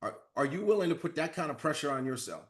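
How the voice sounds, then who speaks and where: Upbeat guy coaching a crowd on sales calls, kinda high voice. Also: fast talker. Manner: energetic, coaching, acts out phone calls. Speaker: network marketing trainer. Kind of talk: motivational talk.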